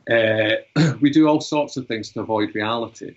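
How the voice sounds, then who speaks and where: A man's voice: mid-range voice, normal speed. A man in his fifties from Britain, a psychotherapist reading a story aloud and then explaining his views in an earnest, searching way. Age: 50s. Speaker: psychotherapist and author. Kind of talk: storytelling and interview talk. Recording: dull lo-fi recording.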